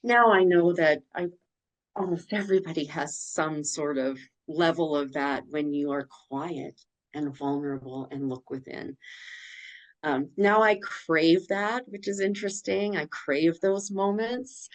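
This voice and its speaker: A woman's voice: low voice, fairly even intonation, unhurried, low-quality recording. A woman guest on a podcast telling her personal story in a candid, emotional way, blunt and swearing now and then.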